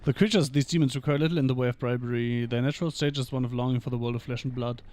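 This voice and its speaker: A man with a mid-pitched voice reads fantasy game lore aloud during a stream. He moves through long passages at an even reading pace. Between entries he drops short, dry remarks of his own. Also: very fast, slight background noise.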